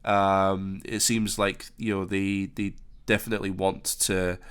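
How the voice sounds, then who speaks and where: A man's voice: deep voice, level tone, measured pace, clear, resonant tone. A man giving casual commentary on a game announcement, hesitant with many fillers and restarts. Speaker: flight sim commentator.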